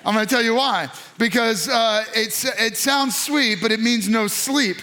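Pastor, male, 30s, high voice, chatty storytelling sermon. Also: unhurried, bright, forceful tone. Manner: casual storytelling with acted quotes.

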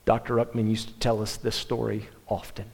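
A man's voice: fairly low pitch, brisk, gravelly, slightly rough. Man preaching in a reverberant hall. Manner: animated storytelling, self-interrupting restarts. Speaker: pastor. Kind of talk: sermon. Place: church sanctuary.

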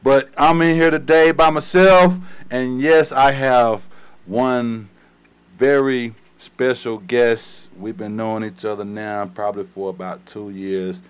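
A man's voice: medium pitch, fairly even intonation, slow, clear, resonant tone. Hyped Southern man hosting a podcast. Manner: hype, repetitive, slangy. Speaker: podcast host. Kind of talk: casual podcast chat.

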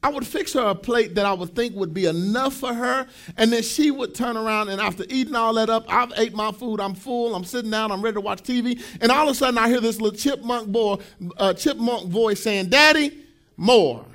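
A man in his thirties preaching a sermon as pastor, with a sing-song cadence that rises to shouts. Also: very high voice, brisk, hardly any pauses.

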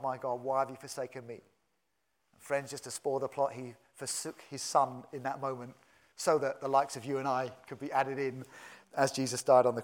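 A man preaching a sermon as pastor, earnest and conversational, with asides to the congregation. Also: on the high side.

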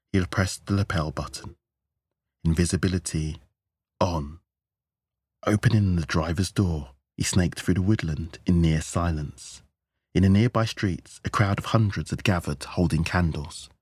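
A man narrating an audiobook in a measured, steady storytelling style. His voice is very deep, and the recording is dry and close with no room sound. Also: slightly rough, no room sound. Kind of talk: scripted narration.

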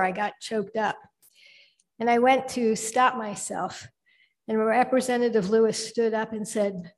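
Woman moderating a conference panel. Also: mid-range voice. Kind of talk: panel discussion. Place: conference hall.

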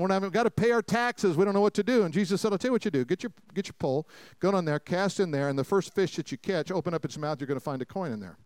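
A pastor preaching a sermon to a congregation, telling stories with jokes and acted-out voices, swinging between loud preaching and quiet asides. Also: male voice, on the high side, no echo. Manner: folksy, jokey storytelling with acted-out quotes. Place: church sanctuary before a congregation.

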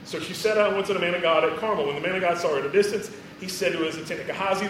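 A man gives a casual, joking sermon, chuckling between phrases in a fairly high voice. He sounds distant from the mic. The very echoey hall carries his voice, with faint room noise behind him. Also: rapid-fire, hardly any pauses, sharp tone. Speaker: preacher.

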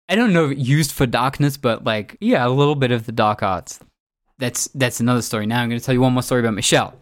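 A man tells a long story in a loose, reflective way, circling back with little restarts. His pitch sits in the middle range. The sound is dry, with no room echo. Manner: rambling, reflective, many fillers and restarts. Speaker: podcast host. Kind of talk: casual storytelling monologue.

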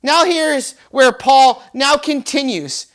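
A man preaching a conversational sermon as pastor, often repeating words and dropping into quiet whispers for emphasis. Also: very high-pitched, takes it slowly.

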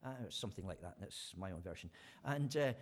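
A man's voice: low voice, lively intonation, a little fast. A man preaching an informal sermon, retelling a story in a chatty way with fillers and restarts.

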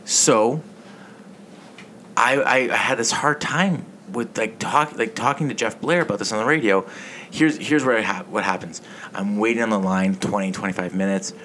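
A man's voice: fairly low pitch, normal speed, a bit bright, slight background noise. A man hosting a casual sports podcast, telling stories in a rambling, swearing way. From Canada. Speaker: podcast host.

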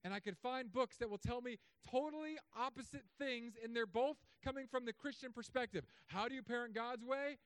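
Pastor, male, 30s, high voice, dry close sound, joking sarcastic sermon delivery. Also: brisk, few pauses, smooth, dry recording. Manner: humorous, sarcastic asides with animated swings.

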